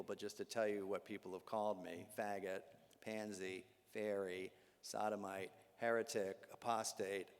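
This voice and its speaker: A man, a Jesuit priest, giving a talk to a live audience with animated storytelling, humor and asides. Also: on the low side. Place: large hall with live audience. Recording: long hall reverb.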